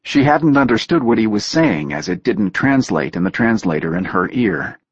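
A man reading a story aloud in a steady, measured narration. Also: fairly low pitch, breathy edge, no room sound, lo-fi sound. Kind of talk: audiobook narration.

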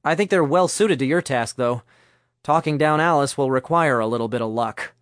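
A man's voice: mid-range voice, normal speed, a bit bright, no echo, clean studio sound, natural voice. A man voicing an earnest, reassuring young man in a spoken story.

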